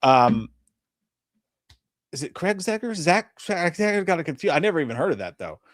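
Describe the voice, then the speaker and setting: A man's voice: fairly high pitch, sing-song, normal speed, no echo, studio quality. A man co-hosting a livestream, reading viewer comments in crude casual chat, laughing and swearing. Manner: profane, laughing, slips into silly put-on voices. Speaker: co-host of a livestream.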